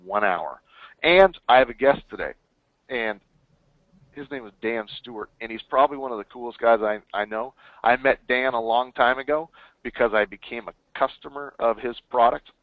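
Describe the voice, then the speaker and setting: A man hosting a webinar in casual chat, with an energetic, hyped promotional delivery. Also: medium pitch, moderate pace, no echo. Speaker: webinar host. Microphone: call or webinar line. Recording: tinny phone-line audio.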